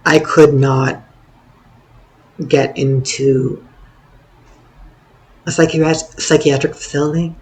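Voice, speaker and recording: A hoarse young man with a gravelly, creaky edge and a slightly higher pitch than most men tells a personal story. He drawls along very slowly, meandering and mocking himself with dry humor. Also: level tone. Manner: meandering, self-deprecating, wry. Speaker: vlogger.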